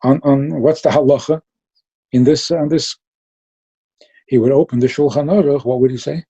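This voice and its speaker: Dark, husky-voiced man giving a Chassidic talk. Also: mid-range voice, normal speed, dull audio. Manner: lively storytelling, mixing Yiddish and Hebrew terms. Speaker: Chassidic teacher.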